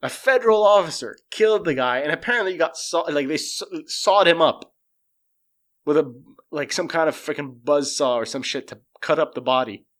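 A man on a casual livestream, ranting in an animated, profane way, his voice jumping up when he gets exasperated. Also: fairly high pitch, moderate pace. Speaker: streamer.

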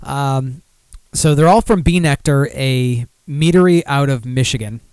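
A man's voice: medium pitch, unhurried, a little mellow, clear, resonant tone, dry recording. Rambling man hosting a beer podcast. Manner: rambling, self-deprecating, with many fillers and restarts. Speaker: podcast host. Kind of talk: casual solo beer podcast talk.

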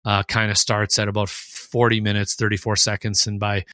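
Rambling Midwestern podcast host. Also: male voice, lowish voice, completely flat delivery, normal speed, bright, forceful tone, no echo, studio quality. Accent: Midwestern American. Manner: rambling, thinks aloud with restarts. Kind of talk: casual chat.

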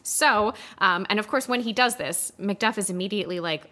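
A woman co-hosting a casual podcast chat, recapping a film story with lively acted-out quotes, frequent laughs and casual swearing. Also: medium pitch. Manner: animated, acts out characters in quick quotes, laughs often, swears casually. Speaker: podcast co-host.

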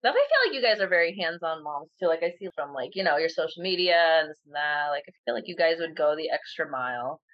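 A woman's voice: deep voice, big pitch swings, fast, few pauses, muffled recording. A woman guest on a podcast chatting casually, rambling through her thoughts with frequent laughter. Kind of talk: casual chat.

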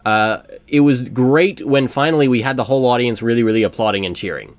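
An American man chatting on a podcast about films. He rambles, piles on asides and jokes, speaking at an ordinary middle pitch. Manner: rambling, joking, quick asides. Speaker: podcast co-host. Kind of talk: casual movie review chat.

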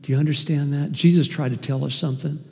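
A man preaching a sermon as pastor, animated and emphatic, with sudden swings in loudness. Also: on the high side, quick pace, gravelly, big-room sound. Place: church hall.

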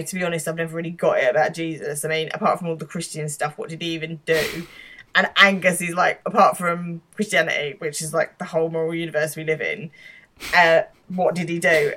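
A woman's voice: low voice, steady tone, brisk, fairly bright tone, a little hiss or hum. A British woman co-hosting a podcast, casually retelling a TV episode and laughing as she goes. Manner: laughs often, acts out quoted lines. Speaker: podcast co-host. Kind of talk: casual chat recapping a TV episode.

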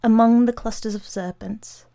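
A woman narrating a literary short story in a measured, unhurried way. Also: on the high side, steady tone, gravelly, dark tone.

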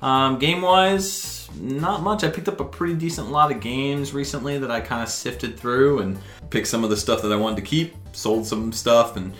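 A man's voice: mid-range voice, normal speed, fairly bright tone. A man co-hosting a casual chat, laid-back and joking. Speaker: podcast co-host. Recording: roomy echo, faint music.

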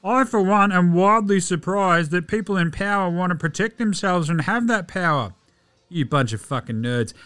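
A man's voice: sits high, lively intonation, moderate pace, a bit bright, clean tone. An Australian man hosting a casual sports news podcast, sarcastic and profane as he mocks the people he talks about. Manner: sarcastic, profane, mocking rants. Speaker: podcast host.

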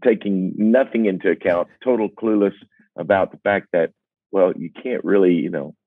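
A man in his sixties, a singer-songwriter, tells personal stories earnestly and reflectively, with self-deprecating humor and halting restarts. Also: low voice, fairly even intonation, dry recording. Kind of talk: candid personal storytelling. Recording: dry, phone-like narrow sound.

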